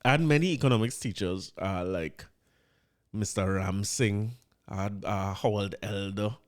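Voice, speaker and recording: A man's voice: on the low side, unhurried. A man with a Trinidadian accent hosting a podcast, giving casual commentary in an incredulous tone and repeating words when he gets riled up. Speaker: podcast host.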